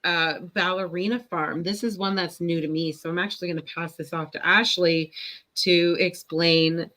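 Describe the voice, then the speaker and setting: A woman's voice: fairly low pitch, fairly even intonation, moderate pace, pushed and bright. A young woman co-hosting a casual podcast chat, laughing often and teasing playfully. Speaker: podcast co-host.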